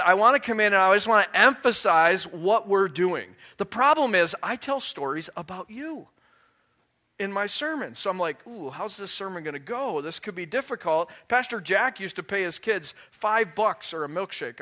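A man's voice: high-pitched, sharp tone. A man giving a sermon as a guest pastor in a church, conversational and joking, then emphatic.

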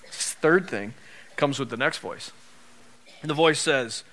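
A man preaching a sermon as pastor, swinging from loud emphasis down to soft near-whispers, with joking asides to the congregation. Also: medium pitch, expressive, unhurried, pauses often. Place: church.

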